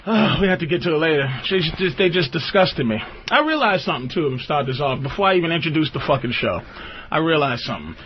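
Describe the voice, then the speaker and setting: A man's voice: fairly high pitch, expressive, fast. A man hosting a radio call-in show, ranting in a profane, rambling way and laughing often. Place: radio studio. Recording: dull lo-fi radio recording with faint hiss.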